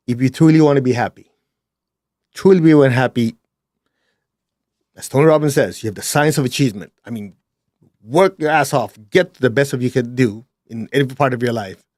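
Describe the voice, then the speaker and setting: A man telling a personal story in a plain-spoken way, his delivery swinging between hushed and emphatic, with blunt asides. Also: medium pitch, no echo, studio quality. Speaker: speaker sharing a personal story.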